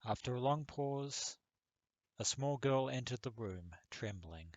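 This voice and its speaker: A man's voice: medium pitch, unhurried, no echo. A man hosting a let's play, reading the game text aloud and adding comments with some fillers.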